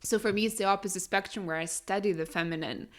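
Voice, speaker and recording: Animated woman. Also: medium pitch, fast talker. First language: Lithuanian. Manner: animated, emphatic, with frequent fillers. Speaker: podcast co-host. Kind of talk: casual conversational podcast chat.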